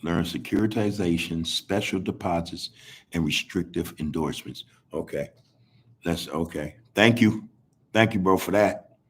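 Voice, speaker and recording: Husky low-voiced man preaching on a podcast. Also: measured pace. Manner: preachy, rambling, drawling, laughs to himself. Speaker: podcast host. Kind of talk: casual commentary. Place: online video call. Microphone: video call.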